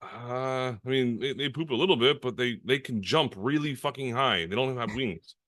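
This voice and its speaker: A man in a casual podcast chat who swears freely and tells things in a lively way. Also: medium pitch, normal speed, dry recording, clean studio sound.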